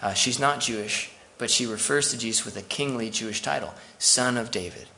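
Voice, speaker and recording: A man's voice: medium pitch, brisk, sharp tone, a little hiss or hum. A man preaching a sermon as pastor, conversational and full of asides to the congregation.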